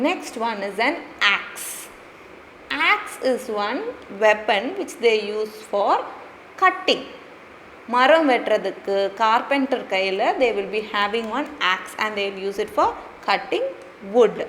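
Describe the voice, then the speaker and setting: A woman speaking walks young children through a phonics lesson, stretching and repeating each word with patience. Her voice sits high and bright. A long reverb and a faint hiss hang around her. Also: sing-song, a little fast. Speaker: preschool teacher.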